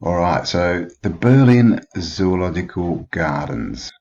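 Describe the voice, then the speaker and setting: Male host, very low voice, casual questioning history voice-over, dull lo-fi audio. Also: measured pace, a little mellow, a little hiss or hum. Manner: chatty, questioning, frequent filler words. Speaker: channel host.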